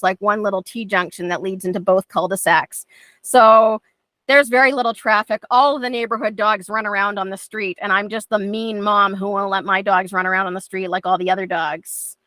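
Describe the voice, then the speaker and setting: A middle-aged woman teaches a dog training class in a relaxed, chatty way, often voicing what her dogs are thinking in lively tones. Her voice is mid-range and a little fast, with no room sound.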